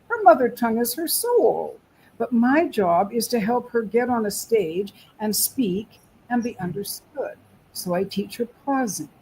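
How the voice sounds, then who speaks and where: A woman's voice: on the high side, a little mellow, a little hiss or hum, rough recording. A Canadian woman, an accent coach, answering a webinar panel question in an emphatic, rhythmic coaching manner.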